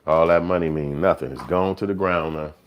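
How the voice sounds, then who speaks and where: Here a man with a low-pitched voice speaks a little fast over dull-sounding audio. Hosting a live stream, he rambles loosely in a profane, streetwise way and breaks into acted quotes.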